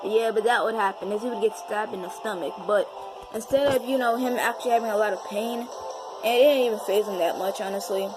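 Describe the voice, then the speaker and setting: A woman's voice: mid-range voice, fairly quick, low-quality recording. A woman telling an improvised fan-fiction story in a loose, rambling way, restarting often. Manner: rambling, with many fillers and restarts. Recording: music playing underneath.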